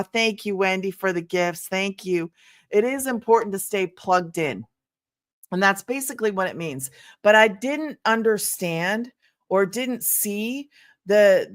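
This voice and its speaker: Older woman as a livestream host: excitable, chatty, greets viewers by name, laughs easily. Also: medium pitch. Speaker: livestream host selling online business programs. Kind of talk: casual livestream chat with viewers.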